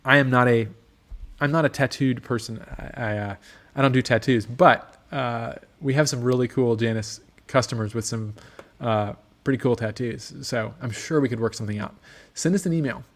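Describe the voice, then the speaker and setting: A man's voice: mid-range voice, moderate pace. Easygoing man rambling on a livestream. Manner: relaxed, rambling, many ums and restarts. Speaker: motorcycle company host reading viewer comments. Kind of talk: casual livestream chat. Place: motorcycle workshop.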